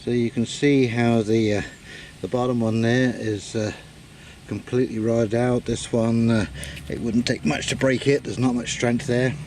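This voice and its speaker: A man casually talking through his garden work outdoors, pausing often with filler words as he explains. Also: mid-range voice, a little hiss or hum. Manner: rambling, many "uh" pauses, relaxed storytelling. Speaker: gardening vlogger.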